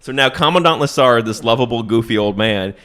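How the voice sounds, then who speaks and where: A man's voice: medium pitch, fairly quick. A man, a comedian hosting a podcast, recapping an old movie in a rambling, joking way and acting out the characters' lines. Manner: rambling storyteller, restarts and animated put-on quotes. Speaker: stand-up comedian podcast host.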